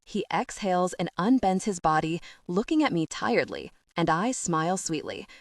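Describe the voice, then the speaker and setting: A woman narrating a first-person romance audiobook in an expressive voice. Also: on the low side, normal speed, dry recording, studio quality, distant mic.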